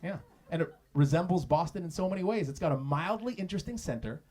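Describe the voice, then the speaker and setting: On a comedy club stage, a Canadian man trades roast insults built on crude, mocking punchlines. His pitch is fairly high, his intonation lively, his pace quick and his tone somewhat dark. This is a noisy live club recording of a roast battle comic.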